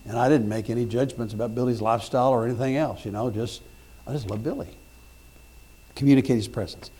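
This middle-aged male pastor speaks quickly in a mid-range voice with a breathy edge. His sermon moves from folksy, stumbling stories with repeats and restarts up to loud, forceful declarations.

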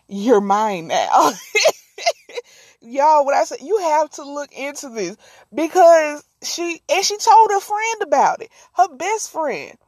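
A woman hosting a casual storytelling podcast, animated and slangy, laughing often. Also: high-pitched, takes it slowly, no room sound. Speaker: podcast host.

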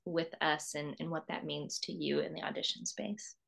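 A woman's voice: sits low, moderate pace, vocal fry, fairly bright tone. A woman hosting an interview, talking in a rambling, effusive way and repeating words as she thinks. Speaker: podcast host. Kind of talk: interview host, casual conversation.

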